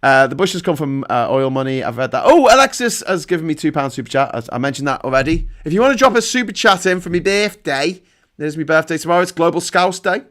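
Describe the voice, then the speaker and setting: A man's voice: on the high side, lively intonation, fast talker, a bit bright. Profane man ranting on a stream. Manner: profane, rambling, frequent restarts. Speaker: livestream host. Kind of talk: casual ranting monologue.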